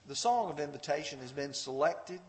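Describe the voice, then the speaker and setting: A man's voice: a little high, lively intonation, fairly quick. A man preaching a sermon, earnest and fervent, reading scripture with rising intensity. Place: church sanctuary. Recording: long hall reverb.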